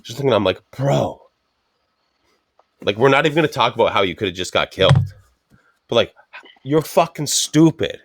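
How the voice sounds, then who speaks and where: A man's voice: lowish voice, expressive, racing, a bit bright, a little hiss or hum. A man co-hosting a podcast in casual chat, telling rambling anecdotes full of swearing and acting out what others said. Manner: acts out quoted speech of others. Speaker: podcast co-host.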